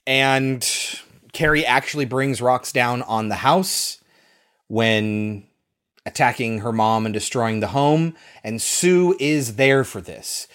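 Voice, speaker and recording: Speaking slowly in a medium-pitched, slightly bright voice, a man co-hosts a podcast and chats about a film. He is casual and enthusiastic, swears freely, and acts out quotes.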